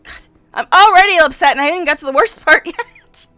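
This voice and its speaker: A woman's voice: extremely high pitch, quick pace, pushed and bright, no room sound, soft background music. A woman giving casual let's-play commentary and reading game text aloud, distressed and exasperated, sighing and repeating herself. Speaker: game streamer.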